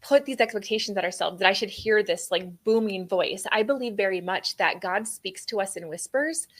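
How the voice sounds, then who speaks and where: An earnest woman hosts a faith-based podcast conversation at a middle pitch. She talks in an animated way, with casual fillers along the way. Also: normal speed. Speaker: podcast host.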